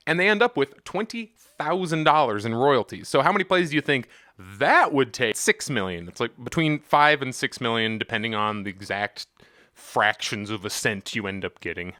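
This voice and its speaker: A man's voice: mid-range voice, sharp tone, dry recording, clean studio sound. A man hosting a comedic music commentary vlog, talking in a sarcastic, jokey, self-mocking way. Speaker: music vlogger.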